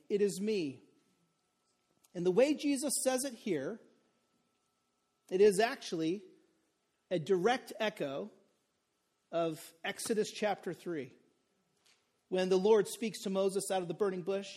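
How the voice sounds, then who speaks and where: High-voiced conversational male preacher. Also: expressive, unhurried, long pauses, mellow. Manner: conversational, frequent "okay?" and "right?" asides. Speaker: pastor. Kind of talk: sermon.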